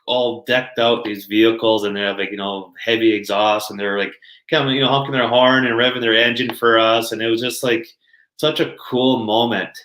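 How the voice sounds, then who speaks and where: A man guesting on a podcast tells stories casually, laughing often and leaning on lots of fillers. His voice is mid-range and a bit bright, with a roomy echo in the recording.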